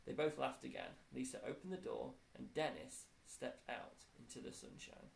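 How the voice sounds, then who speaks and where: A male primary school teacher reading a children's book aloud in a warm storytelling way. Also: mid-range voice, moderate pace, creaky, slight background noise, poor audio.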